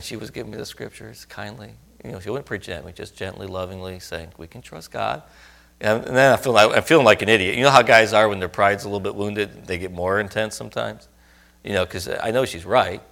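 A man's voice: on the low side, expressive, a little fast, creaky, a bit bright. A middle-aged man preaching, telling a personal story earnestly and rising to emphatic outbursts. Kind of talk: sermon testimony.

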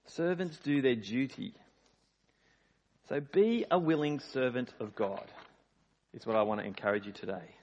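A man's voice: medium pitch, lively intonation, moderate pace, long pauses, darkish tone. A man preaching a sermon in a conversational, emphatic way. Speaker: pastor. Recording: dull lo-fi sound in a reverberant hall.

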